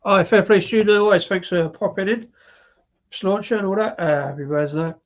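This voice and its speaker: A man's voice: sits high, a little fast, lo-fi sound. A British man hosting a live beer review, chatty and rambling with frequent laughs. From Britain.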